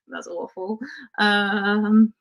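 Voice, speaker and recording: A woman's voice: mid-range voice, little pitch movement, very slow. A woman who grew up in Spain hosts a casual livestream, reading viewer comments in a chatty way and laughing often, with lots of "um" and "like". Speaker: livestream host.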